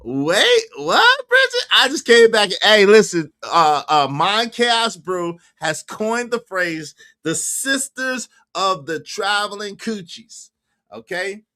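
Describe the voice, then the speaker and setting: A man hosting a casual livestream chat, bantering loudly and giving shout-outs to viewers. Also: sits high, expressive, slow, smooth. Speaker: livestream show host.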